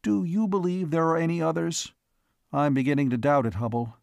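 A man's voice: a little high, fairly even intonation, brisk, creaky, a little mellow, no echo, pitched above the performer's own voice. Keniston, a man reading as a worried scientist. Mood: doubtful. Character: adult male scientist, worried and doubtful.

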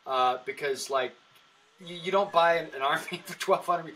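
A man's voice: sits high, fairly even intonation, normal speed, pushed and bright, low-quality recording. A man, a comedian, chatting casually on a podcast and telling rambling stories full of fillers and restarts. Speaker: comedian guest.

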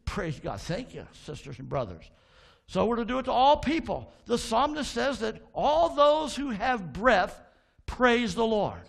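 High, gravelly-voiced preacher man. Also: very animated, unhurried. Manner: fervent preaching with call-and-response to the congregation; folksy storytelling asides. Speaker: pastor. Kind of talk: sermon. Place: church sanctuary.

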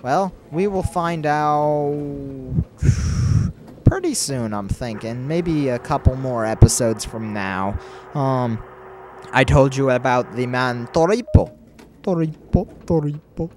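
A young man giving excitable, casual commentary over his video game, hiccuping now and then. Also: medium pitch, slow, slight background noise. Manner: excitable, exclaiming, self-mocking. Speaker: let's play commentator.

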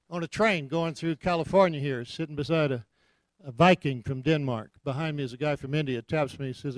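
A man preaching, telling anecdotes with lively delivery and repeated punchlines. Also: a little high, brisk, no echo. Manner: animated storyteller, repeats punchlines. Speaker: guest preacher. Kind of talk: anecdotal sermon. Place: church.

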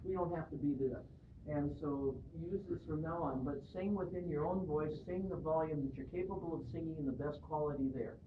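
Hoarse-sounding distant man coaching singers. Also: on the high side, brisk. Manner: animated, encouraging, demonstrates vocal exercises. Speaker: singing judge. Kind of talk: coaching a barbershop chorus. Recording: echoey room picked up from afar on a lo-fi, noisy device.

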